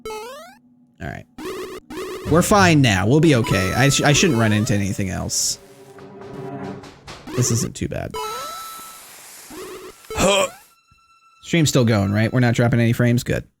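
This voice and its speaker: Excitable man streaming a game. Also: medium pitch, measured pace, creaky, long pauses. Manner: excitable, swears, talks to the chat. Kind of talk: live gameplay commentary. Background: game music.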